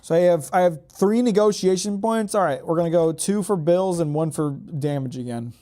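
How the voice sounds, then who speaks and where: A gaming YouTuber with a slightly high, dark-toned voice gives casual gameplay commentary at a moderate pace. He rambles and jokes, often correcting himself mid-sentence.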